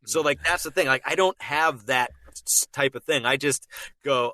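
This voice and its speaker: A man with a Boston accent, a guest on the show, chatting in an animated, rambling way with lots of restarts and quick laughs. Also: fairly high pitch, no room sound. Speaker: guest, voice impressionist. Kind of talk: casual chat.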